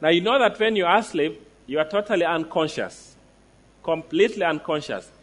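A man preaching a sermon, emphatic, slowing down to stress declarations and asking the listeners direct questions. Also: on the high side.

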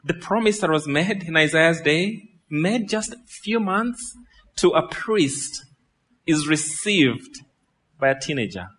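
Pastor preaching with a fraying voice. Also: male voice, fairly high pitch, slow pace. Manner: lively, asks the crowd questions, laughs. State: losing his voice. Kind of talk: sermon.

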